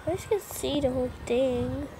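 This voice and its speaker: A woman's voice: sits high, moderate pace, noisy background. A woman giving casual commentary while playing a game, chattering nervously, putting herself down and bursting into exclamations. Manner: nervous, self-deprecating chatter with frequent exclamations. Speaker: gameplay vlogger.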